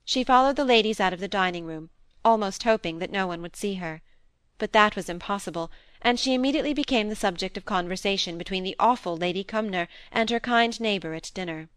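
A woman narrating a classic novel as an audiobook reader, in a measured, even storytelling manner. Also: mid-range voice, clean tone, no echo. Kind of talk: scripted narration.

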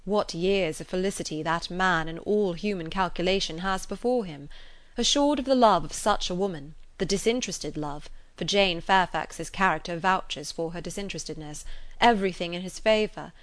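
Figure: a woman reading as an earnest gentleman suitor. Sex: woman. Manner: measured, tender. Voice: lowish, dry. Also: no room sound, natural voice. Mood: reflective.

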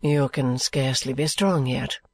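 A woman reading a storybook, voicing a proud middle-aged aristocratic lady who speaks slowly, low and measured. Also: a little mellow, no room sound. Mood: concerned.

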